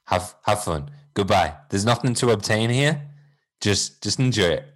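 Guy doing a chill wise little fish jesus, deep and calm, kinda loud. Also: normal speed. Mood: serene.

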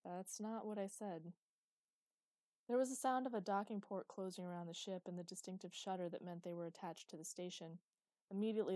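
Woman reading an audiobook, steady storytelling, warm mellow voice, dead dry sound. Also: lowish voice, no room sound. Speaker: audiobook narrator. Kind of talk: scripted narration.

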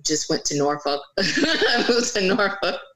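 A woman's voice: mid-range voice, very animated, measured pace, over a noisy crowd, rough recording. A woman with a Virginia accent, a guest in a casual chat who laughs easily and explains patiently.

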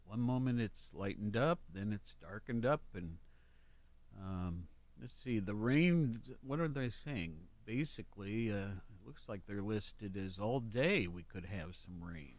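A man's voice: lowish voice, lively intonation, measured pace, dry recording. A man hosting a casual radio show, reading weather and history notes with chatty asides. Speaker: radio host.

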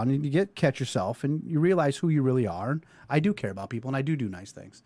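A man's voice: medium pitch, quick pace. A man hosting a casual talk show, ranting loosely with plenty of swearing. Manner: animated, swearing, rambling rant. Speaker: podcast host.

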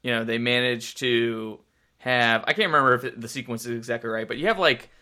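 A man's voice: mid-range voice, fairly quick, bright, forceful tone. A man co-hosting a sports podcast, talking casually and rambling off topic with the odd swear. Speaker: podcast co-host.

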